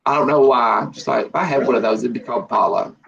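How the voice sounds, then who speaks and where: A man's voice: mid-range voice, quick pace, creaky, a bit bright, lo-fi sound, a little hiss or hum. A man, chatting casually on a live stream and telling joking stories with frequent laughter. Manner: joking storyteller, laughs often.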